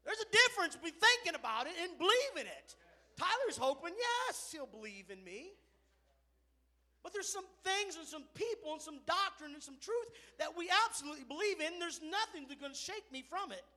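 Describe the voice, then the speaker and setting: Man, pastor, sermon, very high voice, bright tone, storytelling, fervent. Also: very animated, fairly quick. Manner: storytelling, building to fervent near-shouting.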